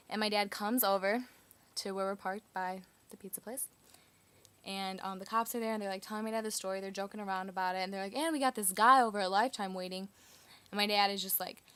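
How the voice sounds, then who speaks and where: A woman recounting a personal story in a loose, chatty way. Her sentences spill out with "like" and "um" scattered throughout, and her pitch sits at an ordinary middle height for a woman. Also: fairly bright tone. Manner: chatty, lots of "like" fillers.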